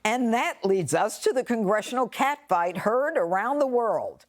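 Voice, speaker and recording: Punchy female host with a lively pitch. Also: measured pace. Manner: punchy, mocking delivery. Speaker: panel show host. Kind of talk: scripted show opener.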